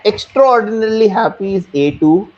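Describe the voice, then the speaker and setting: A man's voice: high-pitched, lively intonation, normal speed, darkish tone. A man with a Punjabi-influenced Indian English accent, a French learner answering interview questions earnestly and often repeating himself. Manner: earnest, explains with repeated phrases. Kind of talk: casual interview. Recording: muffled lo-fi sound.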